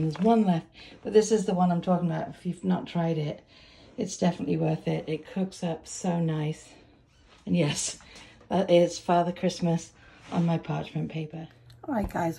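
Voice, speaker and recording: This tired British woman, from Britain, has a low-leaning, gravelly, warm voice with slight background noise behind it. She chats casually through a day-in-the-life vlog at home, rambling and poking fun at herself.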